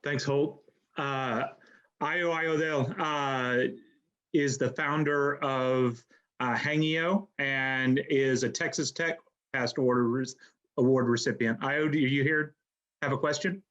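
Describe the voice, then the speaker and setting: A man moderating an event, introducing the next speaker in a halting way with fillers. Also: medium pitch, fairly even intonation, a bit bright, muffled recording.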